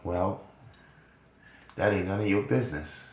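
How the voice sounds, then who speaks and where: An older man talking in a casual podcast monologue, profane and animated, laughing often between points. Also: low voice, measured pace. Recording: roomy echo.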